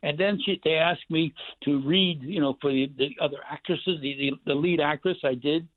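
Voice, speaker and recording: An older man telling rambling, animated stories as a guest actor, with many restarts. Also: on the high side, moderate pace. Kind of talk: casual storytelling interview. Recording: tinny phone line, dry.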